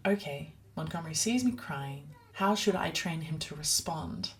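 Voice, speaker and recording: Woman in her thirties, podcast host, low voice, earnest and hushed, slips into near-whispers. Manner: soft, often breaking into a hushed, whispery voice; earnest and personal, quoting scripture. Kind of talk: reflective solo podcast monologue.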